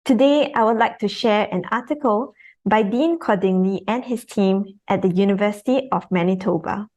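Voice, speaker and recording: A young woman presents a scientific article on a webinar. She reads in a careful, formal way at a middle pitch, spelling out technical terms one by one over a computer mic. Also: normal speed, a little mellow. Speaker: research assistant presenting.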